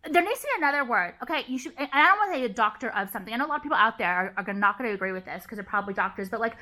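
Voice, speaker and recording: A young woman talks straight to the camera in a heated, profane rant, repeating her points for emphasis. Her voice sits a little high and rings bright and forceful. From Los Angeles area. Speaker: vlogger.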